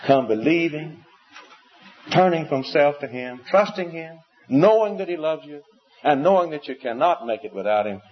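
A man's voice: a little high, lively intonation, moderate pace, muffled recording. A male preacher delivering an impassioned sermon, full of rhetorical questions and sweeping rises and falls.

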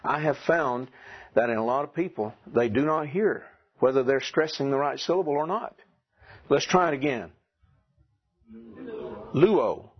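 A Southern American man lecturing a class, deliberately drilling and repeating pronunciations. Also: mid-range voice. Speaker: Greek teacher. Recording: dull lo-fi classroom recording.

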